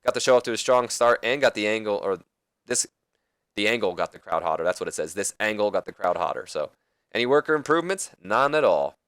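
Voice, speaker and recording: A man's voice: on the low side, lively intonation, fast talker, fairly bright tone, no room sound. A man giving casual, rambling commentary on a wrestling management game, correcting himself as he goes. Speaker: let's play commentator.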